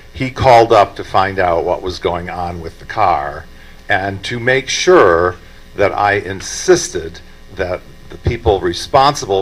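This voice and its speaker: A man telling a story at a memorial in a halting way. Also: on the low side, a bit bright, rough recording. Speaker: memorial speaker. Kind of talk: memorial speech anecdote.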